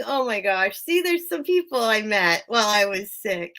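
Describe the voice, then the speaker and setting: A woman's voice: on the high side, lively intonation, normal speed, hardly any pauses, a bit bright. An American woman hosting a live sale stream, chatting casually with viewers by name and laughing often.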